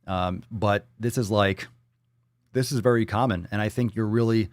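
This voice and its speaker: A man hosts a casual live stream with a fairly low voice, loose and profane, joking as he reads comments aloud. The sound is close and dry, with no room around him. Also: steady tone, moderate pace, dry recording. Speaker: livestream host reading chat. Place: Florida.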